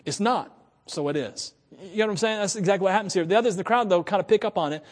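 A male pastor preaching a sermon, swinging between quiet asides and loud, emphatic passages. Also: high-pitched, very fast, big-room sound.

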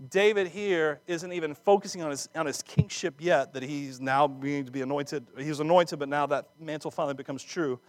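A man preaching a sermon, acting out scripture dramatically with laughs and quick asides. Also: a little high, dry recording. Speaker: pastor.

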